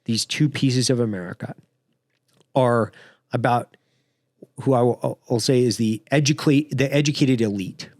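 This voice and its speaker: A man's voice: medium pitch, measured pace, long pauses, a little mellow, dry recording, studio quality. A man hosting a podcast in casual chat, telling stories in an opinionated, conversational way. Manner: opinionated, conversational, with short laughing asides. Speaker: podcast host.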